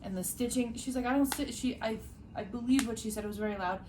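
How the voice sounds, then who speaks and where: A woman's voice: fairly high pitch, fairly even intonation, quick pace, noisy background. Enthusiastic woman chatting with friends. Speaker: podcast co-host. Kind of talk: casual chat among friends. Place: hotel room.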